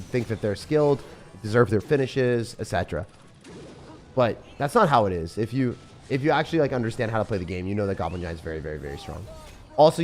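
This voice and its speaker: A young man commentating his own game on a live stream, fast and jokey, chatting to viewers as he plays. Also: mid-range voice, darkish tone. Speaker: gaming streamer.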